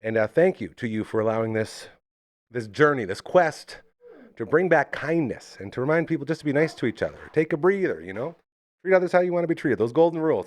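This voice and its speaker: A man hosting a live podcast in a chatty, animated way, talking to his dog between segments. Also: medium pitch, fast talker. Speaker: host.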